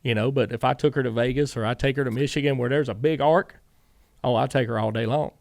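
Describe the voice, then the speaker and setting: A middle-aged man with a Southern US drawl tells a string of stories as an interview guest. He keeps quoting himself and others as he goes, in a rough, gravelly voice. The recording is dry and close, with no room sound. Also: medium pitch, steady tone, fast talker, no room sound. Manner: rambling anecdotes, quoting himself and others with many "I said". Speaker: guest, former racing crew chief. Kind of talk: casual storytelling interview.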